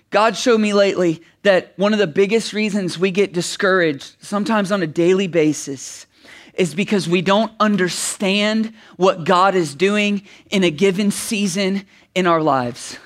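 A man's voice: sits high, measured pace. A middle-aged man preaching, telling a personal story that builds to emphatic preaching. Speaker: pastor. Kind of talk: sermon.

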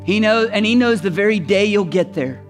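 High-voiced man preaching a sermon. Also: a little fast, soft background music. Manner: swings from shouting to hushed, intimate delivery. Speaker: pastor.

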